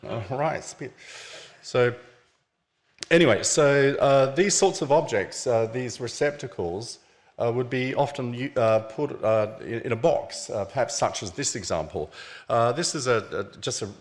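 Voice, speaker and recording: In an unhurried, medium-pitched voice, an author launching his book gives an illustrated lecture at a museum event venue. He talks through the objects on his slides in a casual, conversational way.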